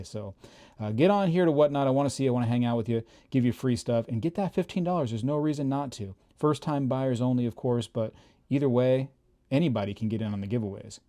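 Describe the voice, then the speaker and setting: Casting: male channel host, mellow, relaxed tone, chatty and emphatic, casual to-camera talk. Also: medium pitch. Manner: chatty, fillers, emphatic warnings. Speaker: YouTube coin and bullion channel host.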